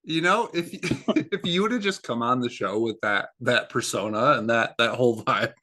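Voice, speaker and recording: A man's voice: medium pitch, moderate pace, sharp tone. A man hosting a podcast chat, reacting with short remarks and laughing often. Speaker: podcast host. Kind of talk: casual chat.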